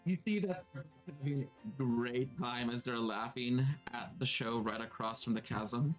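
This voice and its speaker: A man's voice: medium pitch, unhurried. Laughing male game master. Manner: laughing, repeats words. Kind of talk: narrating a tabletop game. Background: tavern music.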